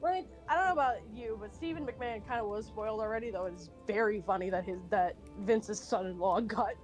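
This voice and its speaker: A woman's voice: medium pitch, fairly quick, faint music behind. A woman streamer chatting casually and animatedly, rambling with many fillers and restarts, and swearing now and then. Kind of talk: casual chat while drawing.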